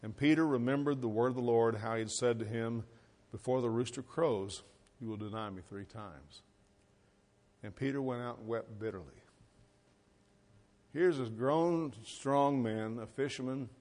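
A man's voice: medium pitch, darkish tone. Folksy man preaching a sermon. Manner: folksy, conversational preaching with rhetorical questions. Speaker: pastor.

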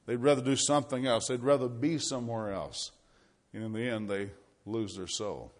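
A man preaching a sermon, reading scripture loudly and dropping low for asides and rhetorical questions. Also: normal speed.

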